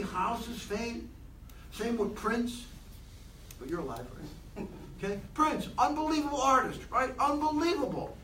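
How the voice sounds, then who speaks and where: A man giving an animated motivational talk to a room of people, asking them many questions. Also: extremely high pitch, echoey room, recorded from a distance, a little hiss or hum, rough recording. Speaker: motivational speaker.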